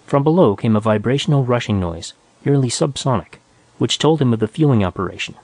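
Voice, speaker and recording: A man narrating a science fiction story in a measured, even reading. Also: mid-range voice, no room sound. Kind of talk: scripted audiobook narration.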